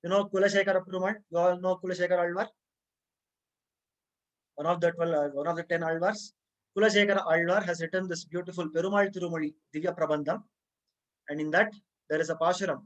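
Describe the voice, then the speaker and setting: A man giving a religious discourse as a story, unhurried, with frequent restarts and rhetorical questions to young listeners. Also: high voice, steady tone, fairly bright tone, highs cut off. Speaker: religious teacher.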